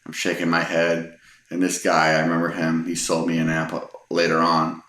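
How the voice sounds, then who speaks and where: A low-voiced, middle-aged Texan tells personal anecdotes at a moderate pace in a completely flat, fairly bright delivery. The room is echoey, and his casual storytelling rambles and hesitates, with many ums and restarts.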